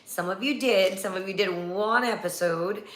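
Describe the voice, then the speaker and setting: A woman's voice: mid-range voice, moderate pace, a bit bright. A woman hosting a casual live-stream chat, talking at length and rambling with easy laughs. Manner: chatty, rambling, laughs easily. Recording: echoey room.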